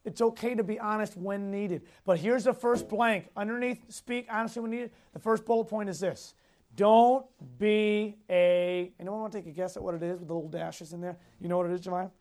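A man's voice: high voice, steady tone, a little fast, darkish tone. A man teaching a Sunday school lesson to a class, repeating key points, asking questions and chuckling often as he tells personal stories. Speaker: youth Bible teacher.

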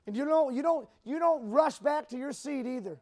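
A young man preaches an altar call to teenagers in a strikingly high voice. He pleads and urges, rising to loud exhortation and then dropping to hushed, intimate appeals. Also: moderate pace. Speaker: youth pastor.

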